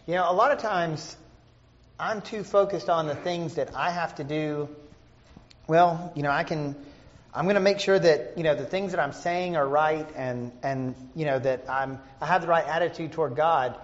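A man's voice: fairly high pitch, normal speed, long reverb tail, lo-fi sound. A man preaching a sermon in a conversational way, with many fillers and restarts.

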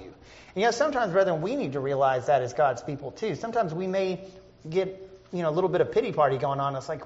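Man preaching, fairly high voice, conversational, full of fillers, long hall echo, slightly muffled. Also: very animated, quick pace. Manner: conversational, many fillers and restarts. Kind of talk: sermon.

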